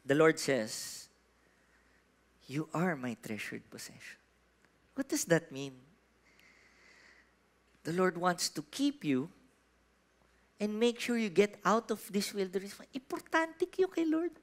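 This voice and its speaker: In church, a Filipino pastor with a high-pitched voice delivers an animated sermon, questioning the congregation and shifting from soft to loud. He is from the Philippines, has a Filipino accent, and talks a little slowly with long pauses.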